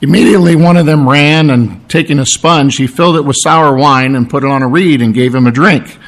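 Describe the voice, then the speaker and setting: Male pastor, sermon, slightly high voice, strained, throat-clearing, explanatory. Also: brisk. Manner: explanatory, asks "okay?" and "all right?" for agreement. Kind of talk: sermon, Bible teaching.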